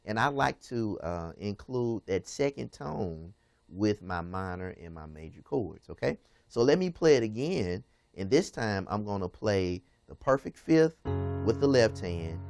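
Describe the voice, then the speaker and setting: A man with a low voice teaches piano at an easy, patient pace, repeating each step and checking in with "okay?" after his phrases. Piano playing sounds clearly under his voice. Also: a little mellow. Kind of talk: piano lesson. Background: piano music.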